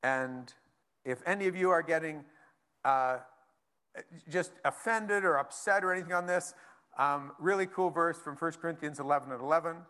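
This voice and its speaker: Pastor with a lightly raised voice. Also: male voice, fairly high pitch, normal speed, sharp tone, smooth. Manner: casual and conversational, reading scripture aloud between asides. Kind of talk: sermon.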